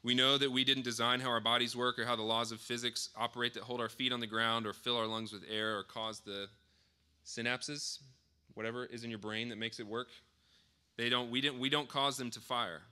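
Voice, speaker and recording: Bright-voiced man preaching conversationally. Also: medium pitch, flat delivery, a little fast, smooth. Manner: conversational, with frequent fillers and self-corrections. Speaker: pastor. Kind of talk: sermon.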